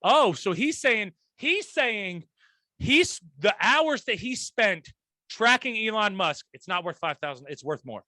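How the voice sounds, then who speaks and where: A man co-hosting a casual podcast chat, animated and blunt, swearing and laughing often. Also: high-pitched, a little slow, no echo. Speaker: podcast co-host.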